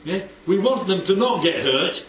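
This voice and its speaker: Man, Bible study leader, animated, keeps checking for agreement; distant, echoey, muffled recording. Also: high-pitched, normal speed, slight background noise. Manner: animated, asks for agreement often. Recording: roomy, distant, dull recording with faint background ambience.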